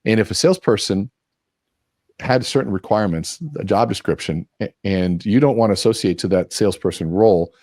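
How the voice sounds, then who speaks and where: A man with a very low voice talks fast as a podcast guest, acting out quoted lines and restarting his sentences often. The recording is dry and close. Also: no echo. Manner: fast, energetic, acts out quoted dialogue; frequent restarts. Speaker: guest expert. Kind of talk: podcast interview.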